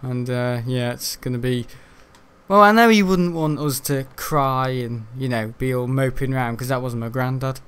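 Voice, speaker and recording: A man's voice: mid-range voice, normal speed, a bit bright, clean tone. A young man, rambling in casual commentary over a video game, swearing mildly now and then. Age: young adult. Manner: chatty and rambling, frequent mild swearing. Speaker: gaming YouTuber.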